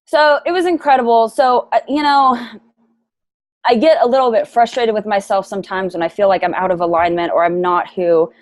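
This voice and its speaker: A young adult woman speaking as an interview guest, frank and lively in casual chat. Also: medium pitch, fairly quick, no room sound. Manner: frank and lively, plays devil's advocate.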